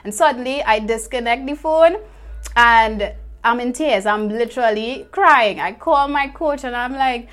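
A woman's voice: on the high side, a little slow, a bit bright. A young adult woman, a life coach, telling her personal story in an earnest, reflective way, repeating phrases for emphasis.

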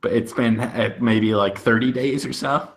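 A man's voice: medium pitch, moderate pace. A man hosting a casual podcast, bantering in a dry, joking way. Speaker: podcast host.

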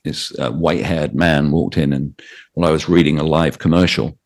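A British man with a British accent, a radio DJ and author telling lively anecdotes as an interview guest. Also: a bass voice, normal speed. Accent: British English. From Britain. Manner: animated anecdotes with quoted voices. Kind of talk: storytelling interview.

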